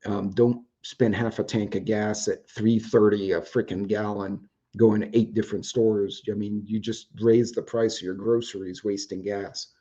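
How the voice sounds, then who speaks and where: A man's voice: lowish voice, level tone, normal speed, few pauses, dark tone, dull audio. A man, hosting a casual chat show from home, rambling and swearing offhandedly, his voice starting to go. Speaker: host. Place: home, indoors with dogs.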